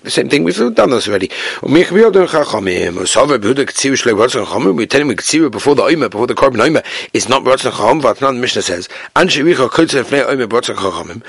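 A man giving a Talmud study lesson, reading the Aramaic text and quickly explaining it in English with many Hebrew terms. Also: medium pitch, a bit bright, husky, no echo, clean studio sound. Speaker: Talmud teacher.

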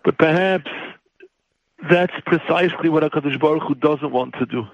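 A man's voice: a little high, normal speed, no echo, lo-fi sound. A man who is a rabbi, delivering an emotional sermon in a pleading, impassioned way that rises to near cries.

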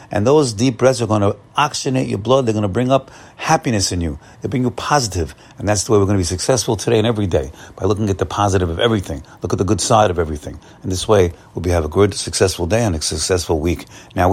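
A man giving an upbeat, encouraging morning Torah talk, often repeating and restarting his phrases. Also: fairly low pitch. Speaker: Torah teacher.

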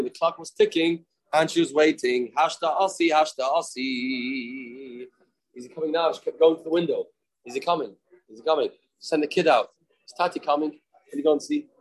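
Man, Talmud teacher, repeats phrases, story-driven lesson, somewhat high pitch. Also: low-quality recording. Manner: storytelling, repeats phrases, mixes in Hebrew and Yiddish terms. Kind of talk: daily Talmud class.

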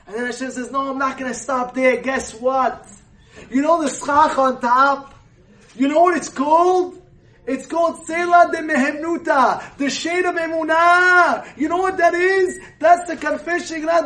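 A man telling a religious story as a sermon, dropping to hushed narration and rising to loud, emotional outbursts. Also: very high voice. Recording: echoey room, voice from far off.

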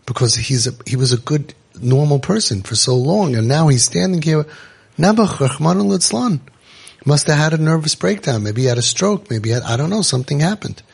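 A man hosting a parenting podcast, telling stories to parents in an animated way. He acts out the voices he quotes and drops Yiddish and Hebrew words into his talk. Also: fairly high pitch, brisk, gravelly, slightly rough. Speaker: parenting coach and podcast host.

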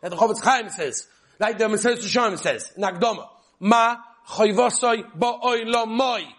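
A man giving a lively Torah lesson, telling stories and addressing his listeners directly. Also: sits high, quick pace, breathy edge. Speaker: Torah teacher.

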